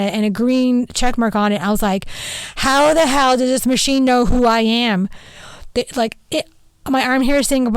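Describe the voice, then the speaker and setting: A woman's voice: a little high, darkish tone, smooth, no echo. A middle-aged woman, hosting a podcast in a casual, rambling monologue full of "like" and "right?". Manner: chatty, rambling, with frequent "like" and "right?". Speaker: podcast host and spirit mentor.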